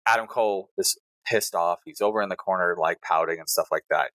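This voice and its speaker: A male podcast co-host giving an animated, play-by-play recap in casual chat. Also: low voice, a little fast, dry recording.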